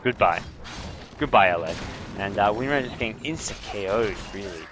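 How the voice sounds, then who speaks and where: A young man casting a video game match on his own, with a slight French accent, explaining strategy calmly and getting excited on big plays. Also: lowish voice, normal speed, background noise. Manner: analytical, rising to excited bursts on big plays. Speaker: esports caster. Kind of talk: solo game commentary.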